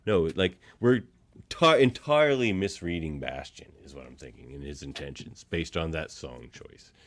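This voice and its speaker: A man's voice: extremely low pitch, slight background noise. A man with a thick Nova Scotian accent chatting on a podcast in a playful, teasing way. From Canada. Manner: playful and teasing, quick to laugh. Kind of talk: casual podcast chat.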